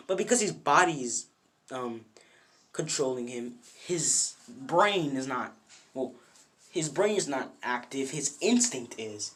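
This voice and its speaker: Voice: mid-range voice, animated, slow, fairly bright tone. A narrator telling a fan what-if story off the cuff at home, rambling with many fillers and self-corrections. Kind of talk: casual improvised storytelling. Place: bedroom at home.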